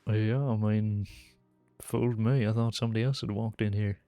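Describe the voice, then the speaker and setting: A man's voice: fairly low pitch, moderate pace, clear, resonant tone, dry recording, faint music behind. A man streaming a role-play game, chatting casually and laughing often as he jokes with another player. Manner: laughs often, relaxed and joking.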